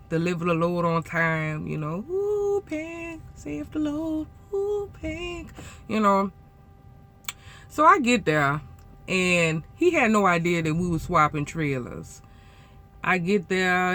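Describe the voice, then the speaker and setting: A woman truck driver telling a story to her viewers in a blunt, profane, animated way. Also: sits low. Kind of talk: casual storytelling vlog.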